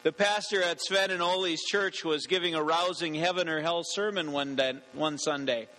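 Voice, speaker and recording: A male pastor reading scripture and preaching a sermon in a measured, earnest way, in a church. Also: on the high side, fairly even intonation, sharp tone. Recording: long church reverb.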